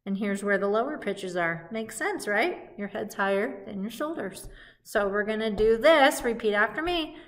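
A woman's voice: mid-range voice, lively intonation, moderate pace. A woman teaching a music lesson to young children in a cheerful, sing-song call-and-response way, recorded at home.

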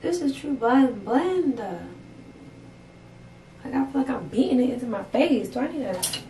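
A woman's voice: a little high, animated, slow pace, mellow, slight background noise. A young woman from Pennsylvania chatting playfully to her viewers in a casual vlog. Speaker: vlogger. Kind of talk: casual vlog chat to camera.

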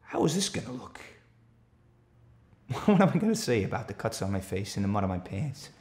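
A man's voice: on the low side, big pitch swings, brisk. A man from Australia acting a stage monologue, playing an anxious countryman who earnestly recounts a night drive. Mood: troubled. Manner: earnest, rising to urgent shouts when retelling the chase. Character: anxious rural man, defensive storyteller. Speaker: actor performing a stage monologue. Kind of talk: theatrical monologue.

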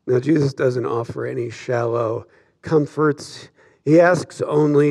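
Male pastor, sermon, gravelly texture, measured reflective delivery. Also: medium pitch, darkish tone. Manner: reflective, measured preaching with slow emphatic pauses. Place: church sanctuary.

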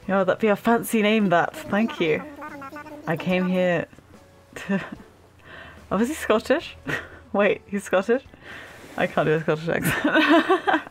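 A young woman with a medium-pitched voice hosts a gaming channel, laughing often as she plays. Her commentary is casual, giggly, and excitable.

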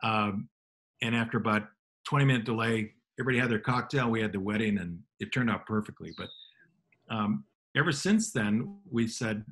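A middle-aged man, a motivational speaker, telling relaxed self-deprecating anecdotes in conversation. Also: lowish voice, a little fast. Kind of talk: storytelling in a radio conversation.

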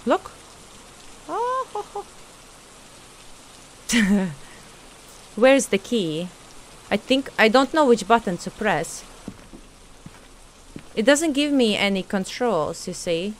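Woman gamer, slow nervous commentary, faint rain behind. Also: medium pitch, slight background noise. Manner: talks to the ghost, scared, laughing nervously. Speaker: streamer playing a horror game. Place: at home at her computer.

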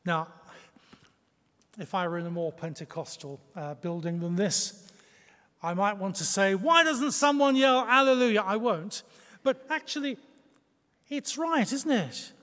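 A man's voice: high voice, unhurried, long pauses, a bit bright. A man preaching a sermon in a conversational way, with rhetorical questions and self-deprecating asides. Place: church. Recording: long church reverb.

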